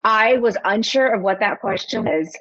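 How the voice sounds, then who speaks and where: A young adult woman, a photographer and podcast guest, telling a personal story in a lively, casual way and acting out her own past thoughts. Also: medium pitch, normal speed, lo-fi sound. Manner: animated storyteller, quotes herself.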